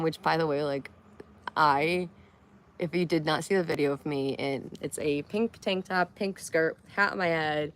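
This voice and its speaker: Young woman, live streamer, low-ish voice; loose, giggly, rambling chatter with casual swearing. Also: unhurried.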